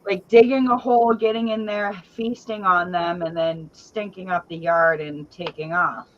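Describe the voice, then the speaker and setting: Woman telling a lively animal story. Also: moderate pace, lo-fi sound, slight background noise. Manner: lively storyteller, acts out quotes in a high voice. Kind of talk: casual chat, animated storytelling.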